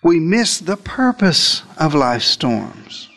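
A man preaching a dramatic sermon, telling the story in the first person with big swings in pitch and loudness. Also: very animated, slow pace.

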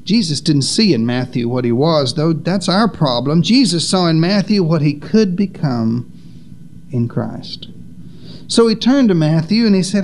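A man delivering a sermon in a fairly high voice. He leans on dramatic pauses and lets his pitch fall low to land each point. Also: sing-song. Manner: dramatic pauses, rises and drops in pitch for emphasis. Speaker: preacher.

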